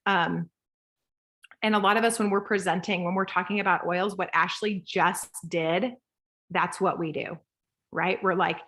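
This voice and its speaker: A woman in her thirties coaching a group call, lively and rambling, acting out voices as she talks. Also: mid-range voice, measured pace, pauses often.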